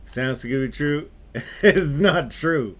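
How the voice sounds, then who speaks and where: A man's voice: fairly high pitch, a little slow, a bit bright. A young adult man on a gaming stream, casually telling a story while he plays, laughing often and talking in loose slang.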